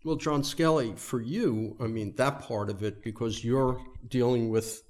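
A man's voice: medium pitch, measured pace, a little mellow. A man interviewing stage actors, asking questions in a curious, conversational way.

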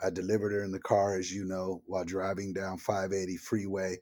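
An older man, a comedian guest on an interview, telling personal stories in a lively, animated way and acting out the voices of the people in them. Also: sits low, fairly quick. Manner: vivid storyteller who acts out the voices in his stories.

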